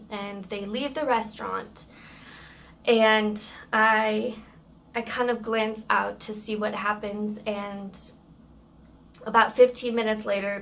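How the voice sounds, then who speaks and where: A woman's voice: mid-range voice, vocal fry, fairly bright tone, a little hiss or hum. A woman telling a story from work in a casual vlog, in a matter-of-fact way with plenty of fillers.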